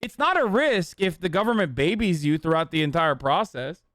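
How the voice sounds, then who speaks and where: Profane, mocking male streamer, voice on the high side, dry close-miked sound. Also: lively intonation, moderate pace, fairly bright tone, dry recording. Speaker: political commentator streamer reacting to a clip. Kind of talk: heated live-stream commentary.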